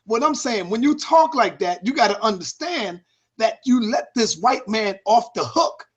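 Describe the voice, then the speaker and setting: Husky high-voiced man arguing emphatically. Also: very animated, normal speed. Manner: emphatic, repetitive, sermon-like. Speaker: debate partner. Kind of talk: heated discussion.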